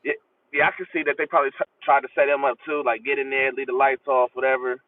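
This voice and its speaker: A man's voice: mid-range voice, flat delivery, fast. A man co-hosting a podcast, making laid-back, wry comments in casual chat. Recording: distant, dull mic with faint noise.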